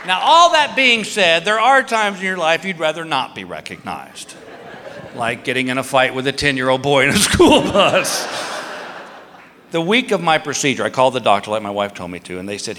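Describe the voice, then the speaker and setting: A man's voice: fairly high pitch, very animated, moderate pace, sharp tone. Man, fifties, stand-up comic, storytelling, act-out voices, big theater reverb, faint room hum. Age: 50s. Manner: storytelling, acting out quoted voices. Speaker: stand-up comedian. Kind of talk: stand-up comedy routine. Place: large theater stage. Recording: live theater with long reverb.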